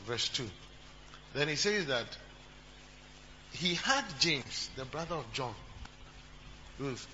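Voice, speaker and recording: A man preaching a sermon to his congregation, repeating phrases and asking the crowd questions. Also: medium pitch. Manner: repetitive, talks to the congregation, jokes and asks questions. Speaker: pastor. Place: church. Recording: dull recording with humming noise.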